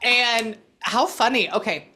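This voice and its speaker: A woman psychic medium giving a casual reading, animated and blunt, swearing freely as she relays messages. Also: on the high side, slow pace.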